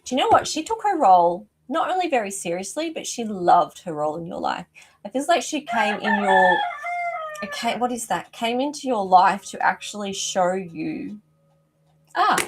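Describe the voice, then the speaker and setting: A middle-aged woman hosts a live psychic reading as an animal communicator. Her voice sits at an average pitch, and she talks in a warm, effusive stream that keeps stopping and restarting mid-sentence. A rooster crows outside her window. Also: husky. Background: rooster crowing outside.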